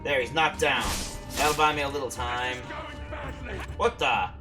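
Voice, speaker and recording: A man streaming a game live, reacting out loud to the action. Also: mid-range voice, steady tone, normal speed, music in the background. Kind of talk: live gameplay commentary.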